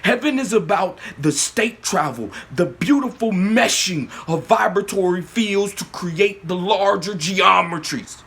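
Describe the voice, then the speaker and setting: A man hosting his own channel, giving a spiritual monologue, often asking "yes?", swinging between loud emphatic bursts and low murmurs. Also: animated, creaky. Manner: slow, repeating "yes?" often. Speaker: channel host.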